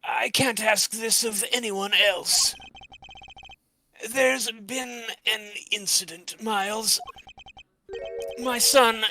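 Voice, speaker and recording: Fan-dub old father figure, unhurried and bright-toned, worried, faint hiss behind as a man puts it on. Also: high-pitched, steady tone, vocal fry, faint music behind, exaggerated voice, rough recording. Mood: anxious. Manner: slow, polite old-man voice. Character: worried elderly wealthy father, gentle and courteous.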